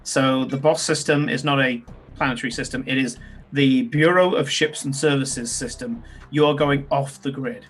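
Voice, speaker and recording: A man's voice: medium pitch, normal speed, faint music behind. A man narrating as game master in a tabletop game, talking loosely with fillers and restarts. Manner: loose, descriptive, many ums and restarts.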